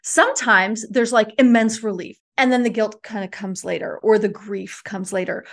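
A woman speaking as a divorce coach guest in a conversational podcast interview, animated, frank and casually profane. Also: mid-range voice, normal speed.

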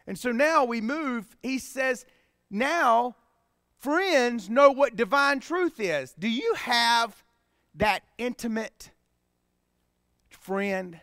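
A man preaching a sermon as pastor, swinging from hushed, tender passages to emphatic, rising appeals. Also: extremely high pitch, animated, drawn-out words, pauses often, no echo, clean studio sound. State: choked up with emotion.

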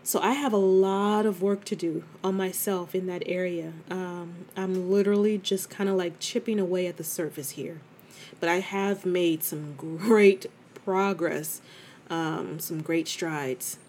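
A woman's voice: fairly low pitch, steady tone, a little slow, darkish tone. A middle-aged woman talking candidly and conversationally as a host, speaking straight to her listener and calling her "girl". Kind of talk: casual confessional talk.

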